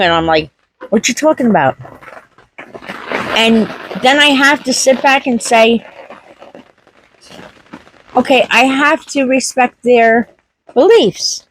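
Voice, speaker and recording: A woman's voice: fairly high pitch, a little hiss or hum, rough recording. A woman homestead vlogger chatting casually to camera, telling a story with acted-out quotes.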